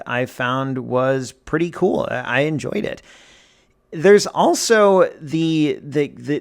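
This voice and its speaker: Gravelly-voiced man musing about photography. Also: mid-range voice. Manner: hesitant, many restarts, thinking aloud. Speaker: photography vlogger. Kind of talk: casual talk about his photo.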